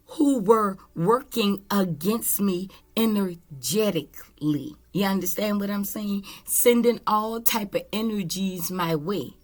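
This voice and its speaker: A woman's voice: medium pitch, a little slow, few pauses, a little mellow. A woman tarot reader giving a casual spiritual monologue, blunt and candid, with swearing.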